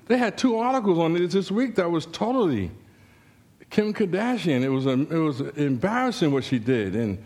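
A man with a high voice preaches a sermon in a church, telling a humorous story punctuated by rising, animated exclamations.

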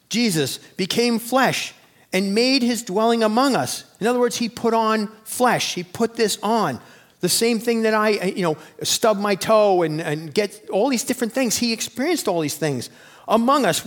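A man in his forties preaching a sermon in an emphatic, conversational way, full of rhetorical questions. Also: high voice. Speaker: pastor.

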